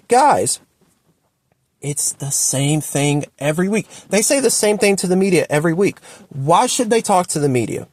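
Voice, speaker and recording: A man's voice: animated, normal speed. A man ranting at home about his football team, exasperated and repeating himself. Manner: exasperated, repetitive ranting with sharp swings up and down in pitch. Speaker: sports fan commentator. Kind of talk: ranting sports opinion video.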